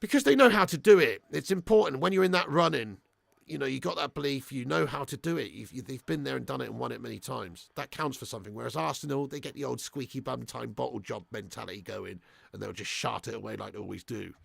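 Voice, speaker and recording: A man's voice: medium pitch, fast, vocal fry, husky, no room sound. A young man hosting a live match watch-along, swearing freely and reading out viewer messages. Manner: crude, swearing fan banter; reads out viewer super chats. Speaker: fan channel host.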